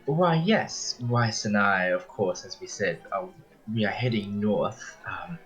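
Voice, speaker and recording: A man's voice: on the low side, animated, takes it slowly, a bit bright, faint music behind, rough recording. A man putting on a gracious, courtly female magician. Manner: courtly, formal speech. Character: refined female stage magician, drained but gracious.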